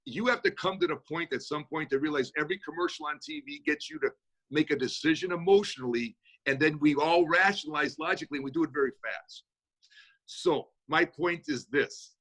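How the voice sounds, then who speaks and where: A man answering audience questions in a motivational Q&A over a video call, talking fast in a folksy, energetic manner. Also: a little high. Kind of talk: motivational Q&A talk.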